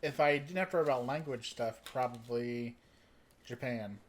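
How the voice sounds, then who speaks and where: A man's voice: mid-range voice, normal speed, a little hiss or hum. A man co-hosting a podcast, laid-back in casual chat, often answering briefly. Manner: laid-back, short agreeing replies. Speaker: podcast co-host.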